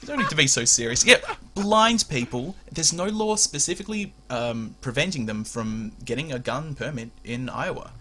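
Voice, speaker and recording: A man's voice: mid-range voice, animated, normal speed, few pauses, pushed and bright. A man hosting a comedy podcast, joking and laughing often as he chats. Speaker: podcast host. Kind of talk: casual comedy podcast chat.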